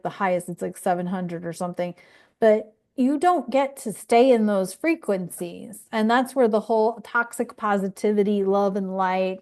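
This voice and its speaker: A woman's voice: medium pitch, darkish tone. A woman astrology coach talking casually and candidly to viewers, swearing freely and drifting into rambling asides. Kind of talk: casual monologue.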